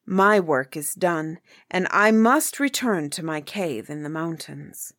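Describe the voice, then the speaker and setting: A woman reading aloud, voicing a humble old male seer who speaks in a grave, measured way. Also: low-pitched, expressive, fairly bright tone, no echo, studio quality, heavily acted. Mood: solemn.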